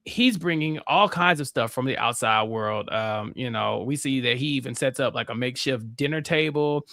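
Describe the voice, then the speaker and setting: A man's voice: mid-range voice, moderate pace, sharp tone, no echo, studio quality. A man co-hosting a podcast, chatting casually and thoughtfully about a TV episode, with many fillers. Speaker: podcast co-host. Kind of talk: casual recap chat.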